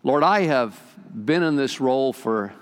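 An older man preaching a sermon as pastor, folksy and animated as he tells stories to his congregation. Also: medium pitch, unhurried, clear, resonant tone, big-room sound.

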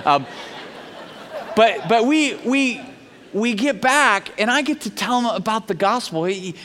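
A man's voice: high-pitched, lively intonation, measured pace, fairly bright tone, big-room sound, a little hiss or hum. A man preaching a sermon, telling stories in a casual way and acting out the people he quotes. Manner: storytelling, acts out quoted voices, casual slang. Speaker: pastor. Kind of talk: sermon with anecdotes.

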